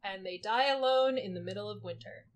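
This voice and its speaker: A woman's voice: mid-range voice, fairly quick, voice pushed down, natural voice, poor audio. Mae, an awkward sarcastic cat, read by a woman. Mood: self-mocking. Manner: self-deprecating, mutters inner doubts. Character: moody young adult female cat, awkward and sarcastic. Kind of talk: reading game dialogue aloud.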